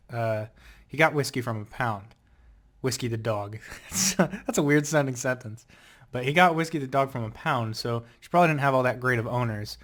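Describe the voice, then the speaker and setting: A young man casually rambling in a vlog, telling animated stories full of fillers and laughter. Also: medium pitch. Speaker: vlogger.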